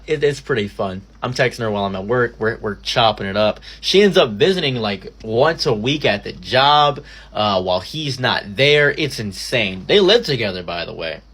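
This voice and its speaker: A young man narrates a personal story in a storytime commentary, swinging between dramatic mock-grandiose lines and flat asides. His pitch sits mid-range for a man, and he leaps far higher for sudden exclamations. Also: husky. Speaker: streamer telling a personal story.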